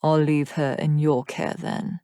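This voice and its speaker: A woman narrator voicing a cold, mocking young male demon warrior in an audiobook, speaking slowly and in a hushed, smirking tone. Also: level tone, smooth, no echo, studio quality. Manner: slow, smirking, low and hushed. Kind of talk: audiobook character voice.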